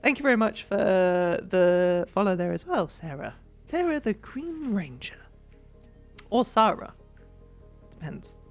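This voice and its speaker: A woman's voice: mid-range voice, sing-song, measured pace, long pauses, darkish tone, soft background music. A young English woman streaming, chatting casually and rambling with lots of giggles while she cleans. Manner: bubbly and giggly, rambling with fillers.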